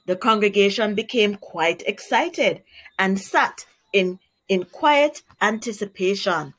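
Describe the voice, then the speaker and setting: Jamaican woman, primary teacher, children's read-aloud, slow and clear, middle pitch. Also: expressive, fairly bright tone.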